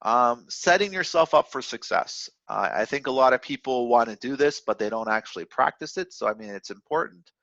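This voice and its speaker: A man's voice: medium pitch, expressive, brisk, creaky, few pauses, fairly bright tone, no echo. A man giving a casual motivational talk on trading, rambling with many fillers and restarts. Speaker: trading educator. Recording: dry, dull lo-fi sound.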